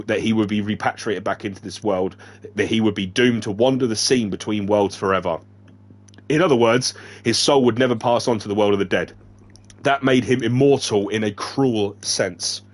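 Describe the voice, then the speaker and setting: Man casually reading a novel aloud. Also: fairly low pitch. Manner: stumbling reading with joking asides. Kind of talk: casual read-aloud with asides.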